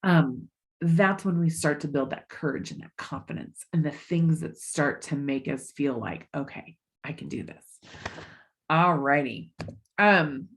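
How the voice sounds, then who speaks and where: A middle-aged woman coaching her audience in a motivational master class. Her voice sits a little low, and she talks in an emphatic, encouraging way with a casual swear here and there. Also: a little slow. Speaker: life coach.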